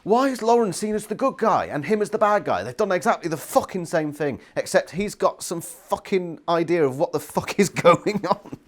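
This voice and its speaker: A man's voice: high voice, animated, normal speed, hardly any pauses. A young man giving a casual book review, ranting and swearing constantly in exasperation.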